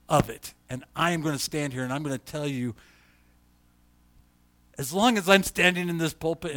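Man preaching a lively sermon. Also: fairly high pitch, no echo. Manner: conversational preaching, rising to loud emphasis, reads scripture aloud. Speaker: pastor.

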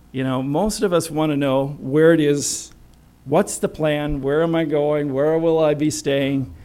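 A man's voice: on the high side, mellow. A man preaching a sermon in a chatty, storytelling way with self-deprecating humor.

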